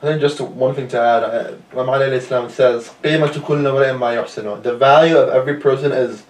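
A young man in his twenties speaks quickly and earnestly as a podcast guest, often reaching for "you know". He sits off from the mic in a room with a lot of echo. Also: mid-range voice, steady tone, far from the mic, a little hiss or hum. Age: 20s. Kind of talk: casual podcast chat.

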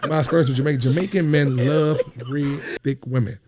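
A man's voice: on the high side, fairly even intonation, a little fast, a crowd in the background. A man hosting a podcast in casual chat, rambling and streetwise, who keeps asking "you know what I'm saying". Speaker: podcast host.

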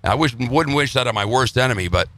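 Brash bright-voiced middle-aged man. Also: mid-range voice, lively intonation, quick pace. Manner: brash, joking, teasing. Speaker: host. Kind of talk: casual chat.

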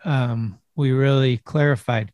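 A man's voice: medium pitch, fairly even intonation, measured pace, a little mellow, dry recording. Eager man interviewer, dry room. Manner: short reactions, eager clarifying questions. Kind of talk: casual interview.

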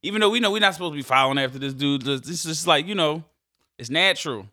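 A young man co-hosting a casual chat who rants in quick, excitable and profane bursts. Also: on the high side, no echo, studio quality.

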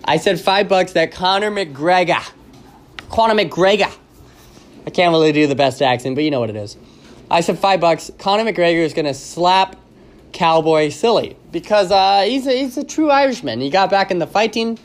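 A man with a somewhat high voice hosts a loose, casual podcast. He rambles and jokes his way through stories, and his talk is full of ums, uhs and restarts. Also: normal speed. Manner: rambling and joking, with many fillers and restarts. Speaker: podcast host. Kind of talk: casual solo podcast chat.

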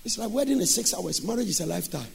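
A man preaching a sermon, moving between speech and sung shouting. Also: sits high, animated, very fast, gravelly, slight background noise.

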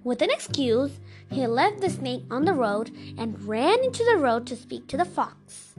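A woman reading folktales aloud as a storyteller, gentle and expressive. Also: high-pitched, measured pace, soft background music.

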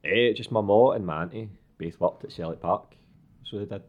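A man's voice: fairly low pitch, moderate pace, narrow, tinny audio. A man with a Glaswegian accent, chatting as a guest and telling stories animatedly, swearing and laughing often. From Glasgow, Scotland. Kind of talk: casual chat.

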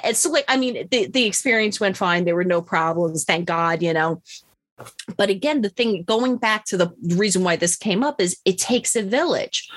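A woman's voice: mid-range voice, dry recording. A middle-aged woman telling a story in a casual monologue, blunt and profane, mocking herself and laughing often.

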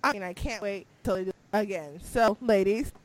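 A young woman co-hosting a casual wrestling chat, excitable and laughing, swinging from low mumbles to squeals. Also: a little fast. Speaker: podcast co-host.

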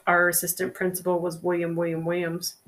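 A woman's voice: fairly low pitch, monotone, brisk, fairly bright tone. A middle-aged woman co-hosting a casual podcast, telling meandering anecdotes full of fillers. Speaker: podcast co-host. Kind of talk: casual storytelling chat.

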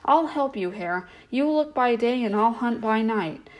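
A woman's voice: on the high side, expressive, a little slow. Storybook casting: a stern, kindly old male owl with a commanding manner, read by a woman.

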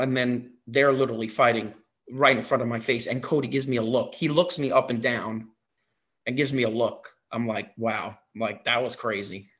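A man, a wrestling impersonator on as a guest, telling a story in an excited casual way with many fillers and repeats. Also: medium pitch.

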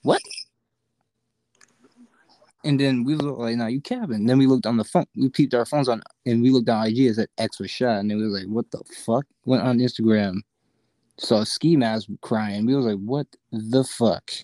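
A man's voice: medium pitch, brisk, warm tone, no room sound, poor audio. A young man, a podcast guest, telling a story in slangy, profane casual chat.

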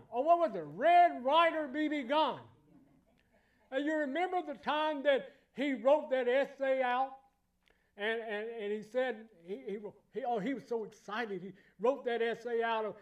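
A man preaching a sermon in church, emphatic and repetitive, building to loud exclamations. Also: very high-pitched, a little slow.

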